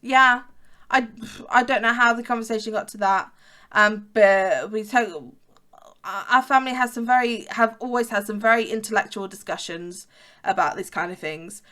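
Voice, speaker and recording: Narrating her gameplay at normal speed, this woman in her twenties has a mid-range voice that sounds pushed and bright. She's a gaming YouTuber from England's West Midlands with a fairly posh, southern-leaning accent, and her casual chat rambles along full of ums, restarts and asides.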